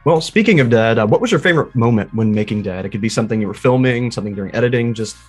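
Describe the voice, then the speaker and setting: A man's voice: medium pitch, expressive, very fast, slightly rough, soft background music. A man hosting a casual interview, asking questions in an eager, upbeat way. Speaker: interviewer, host.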